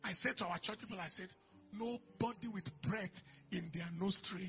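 High gravelly-voiced man preaching a sermon. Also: moderate pace. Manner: swings from quiet storytelling to loud shouted declarations. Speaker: pastor. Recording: dull lo-fi recording with faint music.

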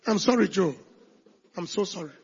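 A man voicing a consoling Roman governor who speaks softly and apologetically. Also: sits high, normal speed, creaky, dull audio, slight background noise. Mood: apologetic. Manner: soft-spoken, consoling.

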